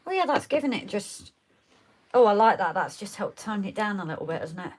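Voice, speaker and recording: A woman's voice: medium pitch, sing-song, brisk. A woman co-hosting a live model railway stream, chatting casually and muttering to herself as she works. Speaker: model railway channel co-host.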